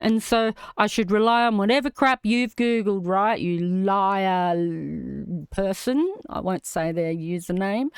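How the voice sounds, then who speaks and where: A woman's voice: a little high, smooth, no echo, clean studio sound. A middle-aged Australian woman hosting a livestream, ranting indignantly and swearing as she reads comments aloud. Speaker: livestream host.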